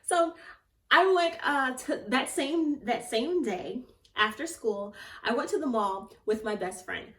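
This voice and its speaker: A young woman with a fairly high voice tells a story from her life in a casual vlog. She is animated and often laughs or squeals with excitement. The room is echoey and she sits a little back from the mic. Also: unhurried, distant mic. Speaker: theatre actor.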